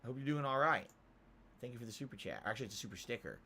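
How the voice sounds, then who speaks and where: A man's voice: mid-range voice, lively intonation, very fast, pushed and bright, slight background noise. A man hosting a livestream in casual chat, answering viewer questions with a sarcastic, self-mocking manner and a lot of restarts. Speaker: livestream host. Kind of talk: casual live-stream chat, reading chat questions.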